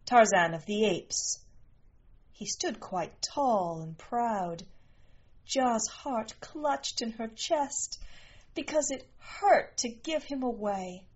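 Woman narrator, unhurried storybook reading, slightly muffled lo-fi sound. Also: a little high, animated, a little mellow, breathy edge. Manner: slow, measured reading. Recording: muffled lo-fi recording.

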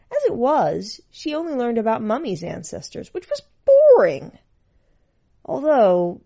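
A woman reads a piece of fiction aloud, her delivery expressive and shifting with the story. Her voice sits in a middle register. The recording is slightly dull and lo-fi. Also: medium pitch. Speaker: narrator. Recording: muffled lo-fi recording.

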